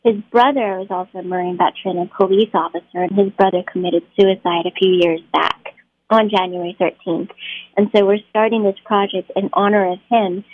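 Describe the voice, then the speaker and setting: A woman's voice: mid-range voice, steady tone, a little fast, a little hiss or hum. A woman actor, a guest on an interview show, telling stories in a chatty way and laughing easily. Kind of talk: casual interview storytelling. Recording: tinny phone-like line.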